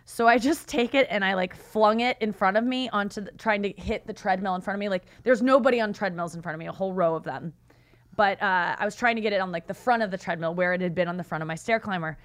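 A podcast co-host with a medium-pitched voice and quick pace tells an anecdote during casual conversation. She's animated, performing the voices of the people involved.

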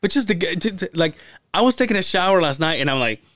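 A man co-hosting a podcast, telling stories in an animated, profane way and laughing often. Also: high-pitched, fast, no echo, clean studio sound. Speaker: podcast co-host. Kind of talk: casual storytelling chat.

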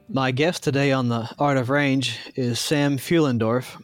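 A man with a Southern US accent from northern Arkansas, hosting a podcast interview in a thoughtful way with many pauses. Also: mid-range voice, music in the background. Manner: relaxed, thoughtful, with frequent pauses and fillers. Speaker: podcast host.

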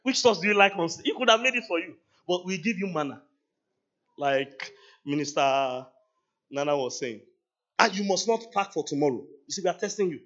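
A man preaching a sermon at a church service, animated, laughing often and acting out dialogue with God. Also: sits high, brisk, dull audio. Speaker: pastor.

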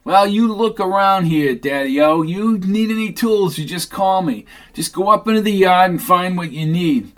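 A man's voice: high-pitched, lively intonation, moderate pace, few pauses, voice pushed up. A man voicing a brash, flirtatious middle-aged junkyard owner who talks in a pushy, leering drawl.

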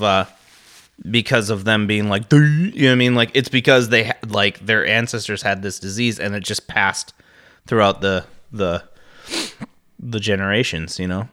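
Man from the midwest, podcast co-host, bright voice, profane, rants and laughs. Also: lowish voice. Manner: profane, ranting, laughs often. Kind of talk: casual podcast chat.

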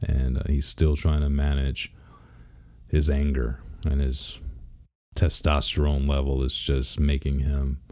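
A father in his thirties with a very deep, mellow voice and an unhurried pace. He tells stories in a rambling, easygoing way, restarting sentences often. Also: level tone. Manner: rambling and laid-back, with frequent restarts and laughter. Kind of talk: casual personal vlog.

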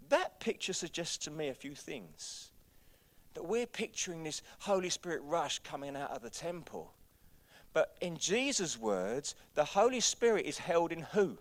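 A man preaches with fire, pressing his congregation with one rhetorical question after another. His voice sits fairly high for a man. He sinks to near-hushed passages and then climbs to shouted peaks. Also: very animated, measured pace. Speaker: pastor. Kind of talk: sermon.

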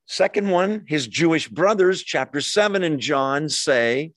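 A man with a rather high, lively, slightly bright voice speaks a little slowly, in clean studio sound with no echo. He's a pastor giving a conversational sermon to a live congregation in a church hall, often posing questions to the room.

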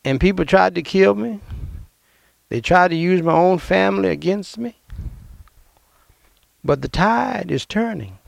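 A gravelly, somewhat high-pitched man preaches a fiery sermon from the pulpit. He talks in an emphatic, confrontational way and breaks into sudden outbursts. The sound is dry and close, with no room echo. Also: lively intonation, unhurried, long pauses. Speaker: pastor.

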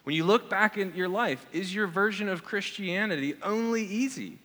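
A man's voice: high-pitched, moderate pace, pushed and bright. A man preaching a sermon as pastor, earnest and asking the congregation questions. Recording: long reverb of a large hall.

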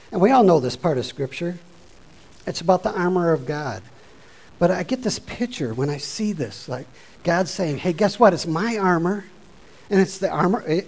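A man preaching a sermon, informal and conversational, rising from quiet asides to loud exhortation. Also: fairly high pitch, poor audio.

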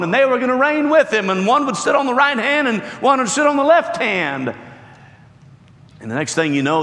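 A man preaching a sermon with emphatic delivery, acting out quotes with rising and falling pitch. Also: fairly bright tone. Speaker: pastor. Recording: echoey hall reverb.

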